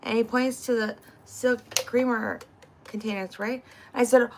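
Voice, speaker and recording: A woman hosting a casual cooking livestream, greeting viewers and telling stories in an animated way. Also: on the high side, moderate pace, a little hiss or hum. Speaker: livestream host. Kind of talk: casual chat while cooking.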